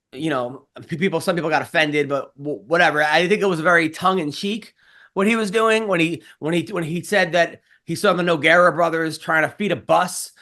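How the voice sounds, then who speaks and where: A man's voice: a little high, sharp tone. A man co-hosting a podcast, chatting in a rambling, profane, jokey way and doing a playful ad read. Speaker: podcast co-host. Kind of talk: casual podcast chat with ad read.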